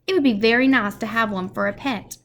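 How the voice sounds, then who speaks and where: A woman voicing a dreamy, excitable middle-aged man who talks eagerly. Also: a little high, fairly quick, natural voice. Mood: enthusiastic. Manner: eager, enthusiastic.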